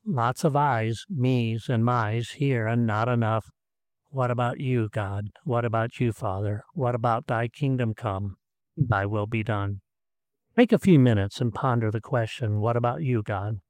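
Male pastor, sermon delivery, earnest with repetitions, mid pitch, dry close recording. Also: a little slow, dry recording. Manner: earnest, repeats words, swings between emphatic and soft.

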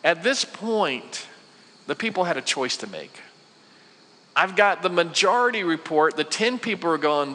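Bright-voiced pastor preaching in a reverberant hall. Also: male voice, on the high side, animated, a little slow. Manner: conversational, acts out quoted voices, many rhetorical questions. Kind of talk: sermon.

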